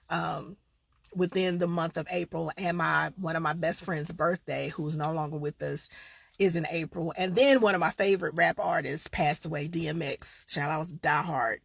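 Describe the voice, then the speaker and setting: A woman with a gravelly, slightly husky voice hosts a casual live online show. She talks frankly and warmly straight to her viewers. The sound is close and dry. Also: deep voice, normal speed, no room sound.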